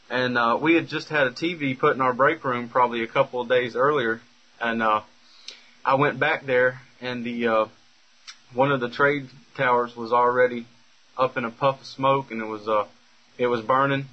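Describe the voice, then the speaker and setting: A man's voice: mid-range voice, muffled recording. A man speaking in an unscripted monologue, rambling with lots of fillers and restarts. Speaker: speaker recounting a personal story.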